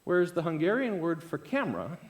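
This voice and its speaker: A man tells a story from the stage in a keynote talk. His voice sits a bit high and leaps around in pitch. He swings from loud bursts to quiet, low asides. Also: big pitch swings, brisk. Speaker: conference speaker. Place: event stage.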